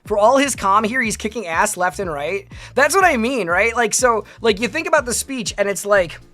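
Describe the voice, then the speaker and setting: A woman's voice: medium pitch, animated, normal speed, fairly bright tone, faint music behind. A woman streamer chatting casually with her viewers, rambling with lots of "like" and "right?". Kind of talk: casual live-stream chat reacting with viewers.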